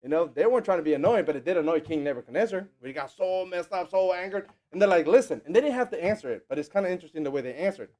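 A man preaching a sermon, animated and jokey, acting out quotes in mocking voices and laughing often. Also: sits high, racing, few pauses.

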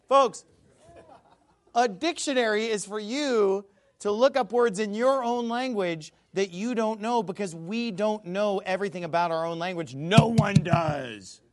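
A man with a high voice that swoops all over as he talks. He gives an emphatic, scornful monologue, repeating words as he pushes ahead, and breaks into loud shouts. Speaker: Bible commentator. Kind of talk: animated video monologue.

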